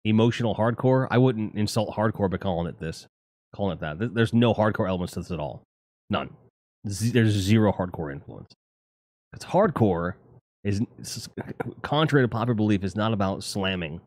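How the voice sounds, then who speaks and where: A man with a lowish voice rambles through a casual live stream, swearing freely and tossing out animated opinions. The sound is dry and close, with little room around it. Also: a little fast, dry recording. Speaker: streamer host.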